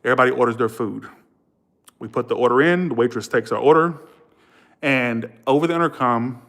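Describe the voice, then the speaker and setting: Talking at a quick pace in a mid-range voice, the man, a tarot reader on a livestream, shares stories in an animated, emotional way. He curses freely and repeatedly gives his viewers warm thanks during this casual storytelling.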